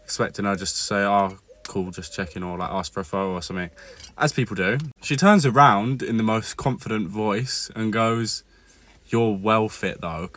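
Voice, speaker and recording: Low-voiced young man, relaxed. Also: brisk. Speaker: social media creator. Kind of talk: casual story time.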